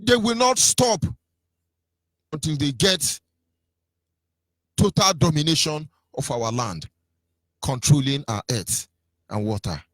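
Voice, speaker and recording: A man's voice: fairly high pitch, animated, slow pace, long pauses, a bit bright, dry recording. A Nigerian man with a Nigerian accent giving an impassioned political radio talk, mocking and sing-song, his voice swinging between rises and drops. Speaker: radio commentator.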